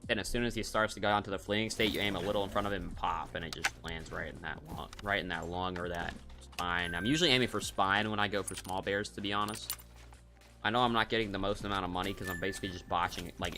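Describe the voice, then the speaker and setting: A man's voice: sits low, flat delivery, quick pace, music in the background. A man streaming a hunting game, giving casual, rambling commentary and cracking jokes as he thinks aloud.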